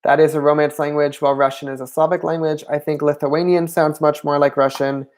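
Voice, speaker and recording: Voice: medium pitch, little pitch movement, a little fast, darkish tone. A language channel host answering viewer questions on a livestream, hesitant and thinking aloud with frequent ums.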